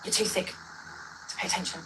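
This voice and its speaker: A woman's voice: normal speed, fairly bright tone, a little hiss or hum, poor audio. A woman ranting in a reaction video, rambling, combative and correcting herself as she goes, played back during a livestream. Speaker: livestreamer in a dispute.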